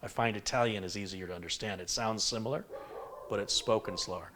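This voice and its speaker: A man's voice: on the low side, fairly quick, a bit bright. A man hosting a PC-building live stream, rambling casually and reading viewer comments aloud. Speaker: PC building livestream host.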